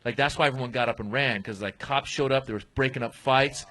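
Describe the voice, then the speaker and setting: Bright-voiced man telling a comedy story. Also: mid-range voice, a little fast, low-quality recording. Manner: animated storyteller, acts out voices. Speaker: guest comedian.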